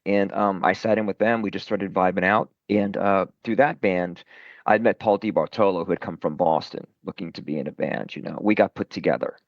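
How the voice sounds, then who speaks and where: Middle-aged guy from brooklyn, deep gravelly voice, rambly and self-deprecating, dull dry lo-fi audio. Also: brisk, no room sound. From Brooklyn, New York. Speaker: rock singer, guest. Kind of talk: casual interview chat.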